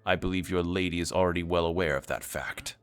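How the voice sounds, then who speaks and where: A man's voice: deep voice, fairly even intonation, fast talker, a bit bright, clear, resonant tone, soft background music. A man putting on a haughty, scheming game lord. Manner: clipped, haughty and condescending. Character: smug scheming male city lord.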